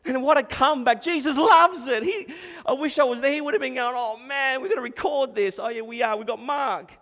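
A man preaching a sermon in a church hall, telling the story with animated, dramatic delivery. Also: extremely high pitch, fairly quick. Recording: echoey hall reverb.

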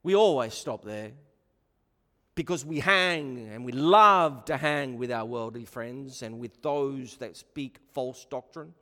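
Preacher in an echoing church. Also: male voice, medium pitch, sharp tone. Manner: emphatic, rhetorical questions to the congregation. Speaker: pastor. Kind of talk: sermon.

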